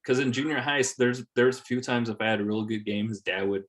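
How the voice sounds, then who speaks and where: A man's voice: fairly low pitch, fast, few pauses, fairly bright tone. A man in his thirties, a podcast guest, telling stories in casual chat, swearing and repeating words as he goes. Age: 30s.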